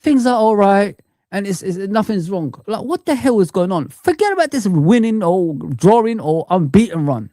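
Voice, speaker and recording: A man streaming a frustrated football rant, shouting out viewers and calling them guys and man. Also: high-pitched, very animated, normal speed, no echo, clean studio sound. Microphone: streaming mic.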